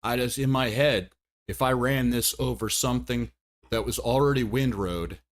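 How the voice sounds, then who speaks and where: A man's voice: medium pitch, moderate pace. A man giving casual commentary while streaming a game, chatty and thinking aloud, often laughing at himself. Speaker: livestreamer.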